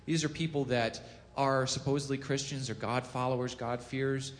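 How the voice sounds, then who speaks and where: A man giving a casual sermon, telling a scripture story with lively acted-out quotes and frequent self-corrections. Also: moderate pace. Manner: animated storytelling, acts out quotes with rising pitch and volume; self-corrects, chuckles at own jokes. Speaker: preacher. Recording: long hall reverb.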